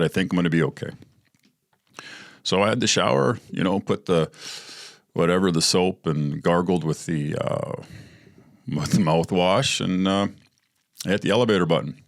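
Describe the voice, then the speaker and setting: A man with a very low voice recounts his past openly, swearing freely and circling back with ums and uhs. The sound is dry and close, with no room echo. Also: fairly bright tone. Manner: candid, profane, rambling with fillers. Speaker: podcast host. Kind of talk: storytelling monologue.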